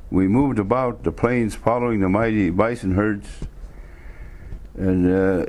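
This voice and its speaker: Male storyteller, low voice, unhurried oral legend, plain-spoken with pauses. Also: darkish tone.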